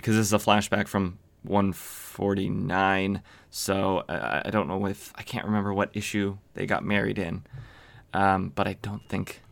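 Guy with a lowish voice rambling thru a comic recap, lots of ums and restarts. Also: creaky. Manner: rambling, frequent fillers and self-corrections. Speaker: podcast host. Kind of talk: casual comic book recap.

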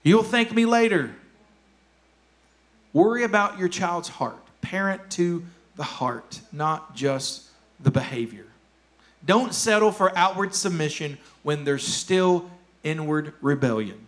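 A man's voice: on the high side, expressive, takes it slowly. A man preaching a sermon as pastor, emphatic and repeating his key phrases. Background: worship music.

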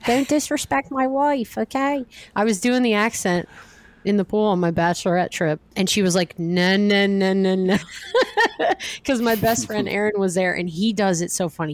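A woman from South Jersey with a sassy, joking manner in casual chat. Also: fairly low pitch. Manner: sassy, quick comebacks, laughing.

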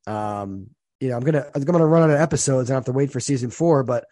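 Man, 30s, from New Jersey, quick talker, dry close mic, reflective casual chat. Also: medium pitch, warm tone, dry recording. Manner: reflective, repeats phrases while thinking aloud. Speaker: podcast co-host.

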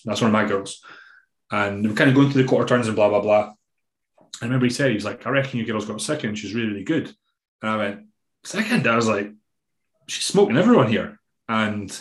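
A fairly low-pitched man's voice, caught with noticeable reverb, belongs to a Scottish bodybuilding coach on a podcast. His storytelling is laid-back and casual, loaded with curse words and fillers.

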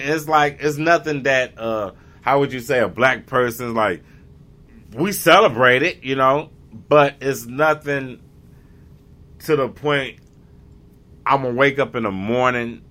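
A man's voice: medium pitch, measured pace, long pauses, pushed and bright. A man in a casual, rambling monologue, often restarting and groping for the right word. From United States. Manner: rambling, gropes for words with many restarts. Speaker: vlogger.

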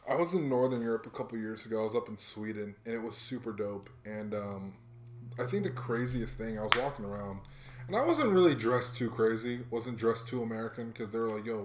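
A young man in casual chat, telling a travel story in a relaxed, slang-heavy way and getting animated when he quotes people. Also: mid-range voice, a little hiss or hum. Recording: roomy room echo.

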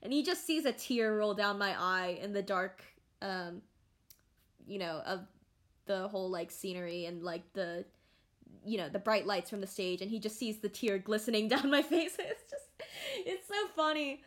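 A young woman chats on her own podcast in a loose, rambling way. She restarts sentences and fills pauses constantly, her voice sitting at an ordinary middle pitch. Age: young adult. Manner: rambling and animated, many fillers and restarts. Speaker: podcast host. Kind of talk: casual solo podcast chat.

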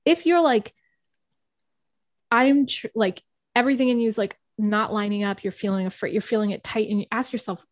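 A woman's voice: medium pitch, brisk, no room sound, clean studio sound. A woman guest speaking casually and earnestly, giving life advice with lots of "like" fillers. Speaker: guest, spiritual practitioner. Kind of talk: casual conversation.

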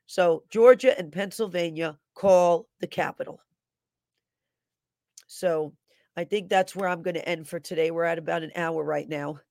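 A woman's voice: fairly low pitch, dry recording. Emphatic woman preaching with a dry sound. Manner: emphatic, repeats key phrases for emphasis; earnest, corrects herself mid-sentence. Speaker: host and prophetic minister. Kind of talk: prophetic teaching broadcast.

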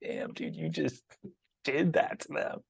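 A man's voice: on the high side, steady tone, a little slow, vocal fry, husky, dry recording, clean studio sound. A man co-hosting a casual sports chat, laid-back and reflective, often hedging with "I think".

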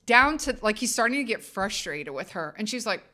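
Bubbly bright-voiced woman telling a story. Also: medium pitch, brisk. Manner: animated, laughing, acts out quotes. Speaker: podcast co-host. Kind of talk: casual chat, storytelling.

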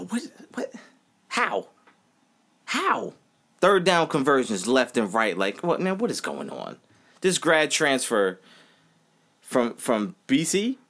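A man's voice: mid-range voice, a bit bright. A man in his thirties hosting a casual podcast, ranting animatedly about college football, repeating himself and saying y'all. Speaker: podcast host. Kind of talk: casual solo sports rant.

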